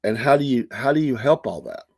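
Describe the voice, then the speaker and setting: A man's voice: mid-range voice, expressive, brisk, no echo. A middle-aged man, hosting a radio show and telling stories in a rambling, folksy way with many restarts. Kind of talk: casual monologue.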